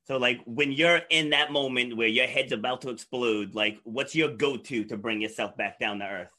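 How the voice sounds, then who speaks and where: A man hosting a casual live-streamed interview, relaxed and laughing often. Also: medium pitch, moderate pace. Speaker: host.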